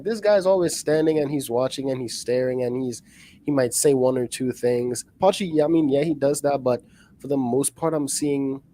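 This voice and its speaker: A man's voice: mid-range voice, warm tone. A man hosting a casual football podcast, talking in a rambling, heated way full of "like" and "you know". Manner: rambling, filler-heavy, heated. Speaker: podcast host. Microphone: podcast mic.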